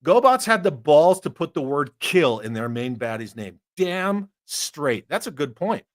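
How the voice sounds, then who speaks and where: A man's voice: on the high side, very animated, unhurried, no echo, clean studio sound. A man hosting a toy collecting live stream, chatting casually, joking and swearing while he reads comments. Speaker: army veteran.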